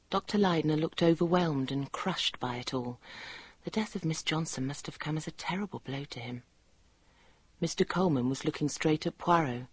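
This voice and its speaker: An actress in a radio play voicing a sensible nurse who narrates in an earnest, reflective way, with a husky voice. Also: female voice, deep voice. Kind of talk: first-person radio narration.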